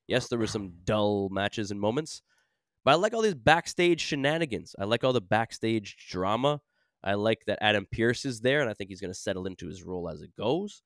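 Joking podcast co-host with a low voice. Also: male voice, very animated, fairly quick, clear, resonant tone, dry recording, studio quality. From Canada. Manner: rambling, joking, laughs often. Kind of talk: casual chat.

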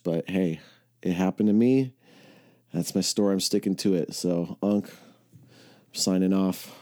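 Low mellow-voiced man telling a rambling story. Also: no echo, studio quality. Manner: rambling, swears a lot, self-corrects mid-sentence; acts out quoted voices, jumping loud and high for his own retorts. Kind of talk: casual profane storytelling.

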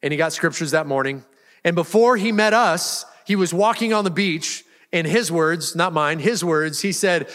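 Casual preacher in a reverberant hall. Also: male voice, fairly high pitch, moderate pace, a bit bright. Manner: casual, storytelling, restarts often. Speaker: pastor. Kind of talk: sermon. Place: church sanctuary.

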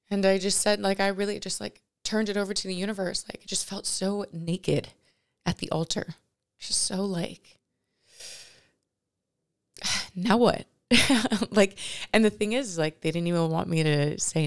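Low, gravelly-voiced woman telling a story. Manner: rambling, halting, full of self-corrections; soft-spoken, drifting into near whispers. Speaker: vlogger. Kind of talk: reflective personal storytelling.

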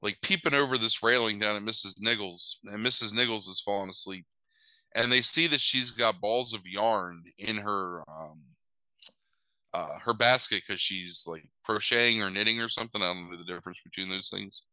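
A young man with a low-set but very bright, crisp voice retells a film's plot in a loose, rambling way. He scatters fillers and dry, wry asides throughout, recorded close and completely dry. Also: moderate pace, no room sound, low-quality recording. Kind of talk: casual movie recap.

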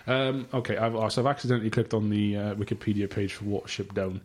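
A man's voice: on the low side, level tone, quick pace, a little mellow. A man hosting a casual podcast chat, reading notes aloud in a rambling, sweary way and tripping over long words. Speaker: podcast host.

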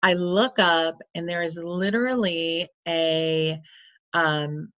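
A woman with a lowish voice tells a personal story in a loose, chatty way, scattering "like" and side remarks as she goes. The sound is dry and a little dull and lo-fi, with no room around her. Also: fairly even intonation, slow, a bit bright, dry recording. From Florida. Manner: candid and chatty, full of "like" and asides. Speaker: coach or counselor.

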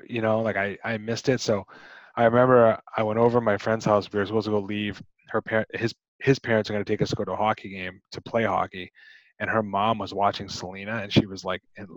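A man's voice: lowish voice, dry recording, muffled recording. A man co-hosting a podcast, chatting casually about a movie, rambling with many restarts and fillers. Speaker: podcast co-host.

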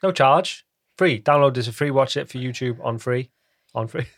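A man's voice: medium pitch, normal speed, dry recording, clean studio sound. A man co-hosting a podcast, teasing and bantering in casual chat. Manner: joking, teasing, playful banter. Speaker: podcast co-host.

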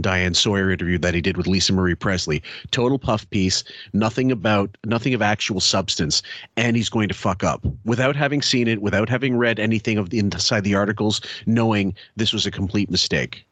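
Male podcast co-host, lowish voice, sardonic, laughs a lot, dry close sound. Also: a bit bright, dry recording. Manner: sarcastic, laughs often. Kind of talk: casual commentary chat.

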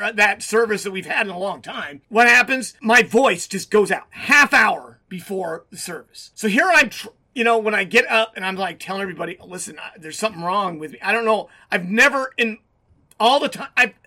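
A man's voice: sits high, brisk, pushed and bright. A middle-aged man, a pastor and radio show host, telling a story in casual chat with lots of restarts.

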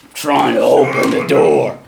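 Gruff male bugbear in a tabletop game, short-tempered, as a male game master voices him. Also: mid-range voice, a little slow, reverberant, crowd noise. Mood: irritated.

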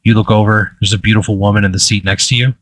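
Low-voiced man running a tabletop game. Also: steady tone, fairly bright tone, no echo. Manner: casual, halting, lots of fillers. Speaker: game master.

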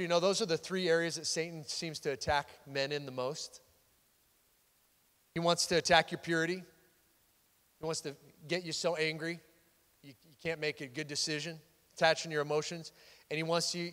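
High-voiced male pastor preaching. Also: fairly quick, long reverb tail. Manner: animated storytelling, swells loud in worship. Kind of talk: sermon.

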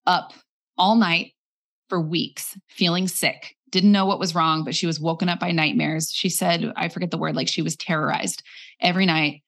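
A woman's voice: on the low side, steady tone, moderate pace, fairly bright tone. A young woman candidly telling a personal story in casual conversation, acting out what people said to her. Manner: candid, acts out the quoted lines.

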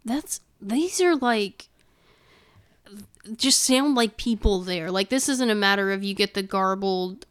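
A woman co-hosting a casual podcast chat, talking in an animated way and laughing often. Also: mid-range voice, unhurried, smooth. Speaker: podcast co-host. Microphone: studio microphone.

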